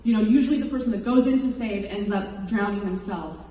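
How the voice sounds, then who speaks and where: A woman's voice: medium pitch, a little fast, warm tone, slight background noise. Woman giving emotional testimony in echoey hall. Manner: earnest, emotional storytelling. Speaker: speaker recounting her rescue to an audience. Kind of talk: personal testimony speech. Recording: echoey hall, distant mic.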